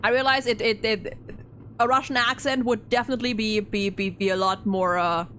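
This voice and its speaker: A woman's voice: on the high side, fairly even intonation, normal speed, a bit bright, slight background noise. A young woman streaming a game, chatting casually with many restarts and fillers. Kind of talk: casual let's-play commentary.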